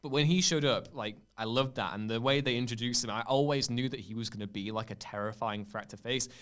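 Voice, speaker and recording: A young man on a casual podcast, talking in a smooth, clear voice. He tells his stories with energy and acts out the scenes as he goes. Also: mid-range voice, fairly quick. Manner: animated storyteller who acts out scenes. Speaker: podcast co-host. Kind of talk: casual chat.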